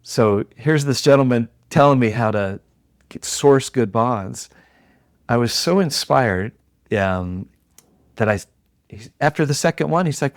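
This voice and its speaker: A middle-aged man telling a story as a podcast guest, animated and acting out the voices of the people in it. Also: mid-range voice, measured pace, dry recording, clean studio sound. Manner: animated storyteller who acts out quoted voices.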